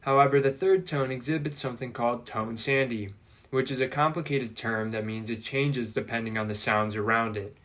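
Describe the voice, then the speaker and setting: A man's voice: mid-range voice, moderate pace, a bit bright. Man giving a scripted explainer, dry humor. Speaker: language-learning video presenter.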